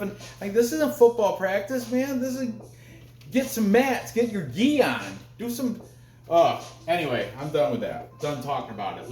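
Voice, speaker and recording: A man hosting a casual MMA picks show, talking in a rambling, animated way with lots of restarts and asides. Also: high voice, reverberant.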